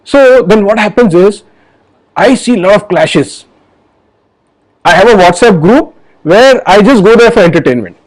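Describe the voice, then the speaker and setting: A man's voice: sits high, animated, normal speed, pauses often, poor audio. A man hosting an online health forum, talking to camera in an earnest, explanatory way with many fillers and restarts. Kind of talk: casual video talk to camera.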